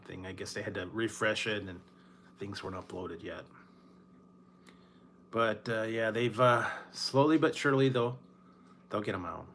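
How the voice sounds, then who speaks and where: A man from Northern California chatting casually about fast food, rambling and laughing often between his words. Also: fairly low pitch, bright, forceful tone. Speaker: food reviewer. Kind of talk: casual late-night chat.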